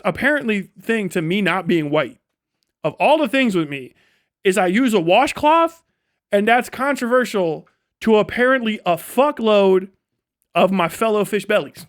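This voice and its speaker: A middle-aged man hosting a livestream, talking in a casual, animated rant with frequent swearing and incredulous outbursts. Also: sits high. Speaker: livestream host.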